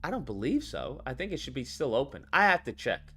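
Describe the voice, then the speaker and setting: Soft music sits behind a livestreamer whose medium-pitched voice swings hugely in pitch, bright and forceful, at a fairly quick pace. He delivers an unscripted, heated gaming rant full of swearing and repetition while reading out chat comments.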